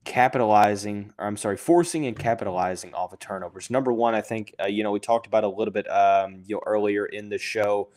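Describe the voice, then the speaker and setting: A young man with a somewhat low voice hosts a podcast, talking through the numbers in a loose, unscripted way. He stops and restarts a lot and fills the gaps with fillers, and he has the hiccups. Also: steady tone, quick pace, hardly any pauses, a little mellow. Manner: thinking aloud with many fillers and restarts. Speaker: podcast host. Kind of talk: casual sports commentary.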